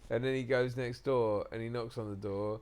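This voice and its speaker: A man's voice: mid-range voice, steady tone, moderate pace, noisy background. A man co-hosting a casual livestream, teasing his partner and laughing along. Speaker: co-host riffing on a film.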